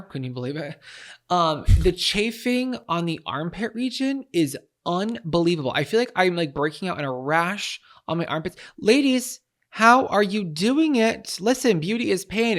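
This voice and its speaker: A woman co-hosting a podcast, chatty and dramatic as she tells stories in casual talk. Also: lowish voice. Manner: animated, dramatic, chatty storyteller. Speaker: podcast co-host. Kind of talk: casual chat.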